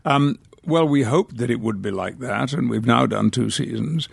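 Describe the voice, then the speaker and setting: An older man from the north of England tells stories as a podcast guest, pausing and circling back as he goes. His voice has a gravelly edge. The studio sound is close and dry. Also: medium pitch, dry recording. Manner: rambling anecdotes with hesitations. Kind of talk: casual interview storytelling.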